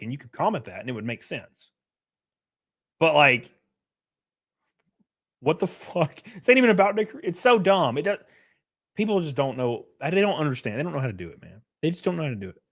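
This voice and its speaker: A man hosting his own livestream, rambling and swearing in a casual rant that swings between loud bursts and quiet mutters, chuckling often. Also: a little high.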